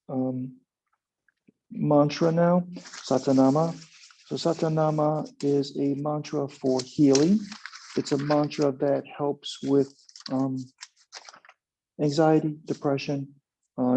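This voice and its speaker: A man teaching a kundalini yoga class, giving calm, unhurried instructions and guiding a chanted mantra with a few fillers. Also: mid-range voice. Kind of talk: guided yoga and meditation instruction. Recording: dull lo-fi sound.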